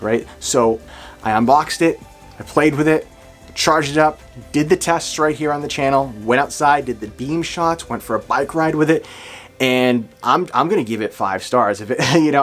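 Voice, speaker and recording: Casual New England guy, gear reviewer, chatty and upbeat, outdoors at night, faint music under him. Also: mid-range voice. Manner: chatty, enthusiastic, folksy. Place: outdoors at night near woods.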